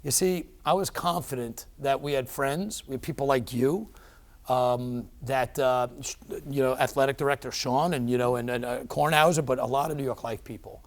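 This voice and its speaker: A middle-aged man telling a personal story as an interview guest. He talks in an animated, emphatic way, with plenty of fillers and restarts. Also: mid-range voice, normal speed.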